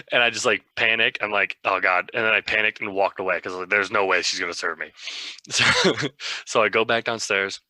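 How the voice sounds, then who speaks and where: A man's voice: lowish voice, fairly even intonation, fairly quick, sharp tone, no room sound. A young man co-hosting a podcast, telling a rambling, self-mocking story in a casual way. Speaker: podcast co-host.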